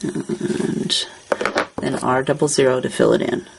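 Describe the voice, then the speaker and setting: A woman hosting a craft tutorial, calmly narrating each coloring step as she works. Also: rumbling low, fast, vocal fry, a little hiss or hum, rough recording.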